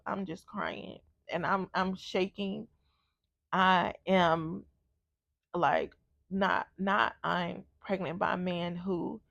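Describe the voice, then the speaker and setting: A woman's voice: mid-range voice, gravelly, a bit bright, no room sound, dull audio. A woman vlogger telling a personal story in a candid, blunt casual way, with frequent swearing.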